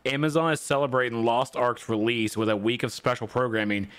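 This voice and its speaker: Male co-host, teasing banter, mid pitch. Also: fairly even intonation, brisk, clear, resonant tone. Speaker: podcast co-host. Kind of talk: casual chat.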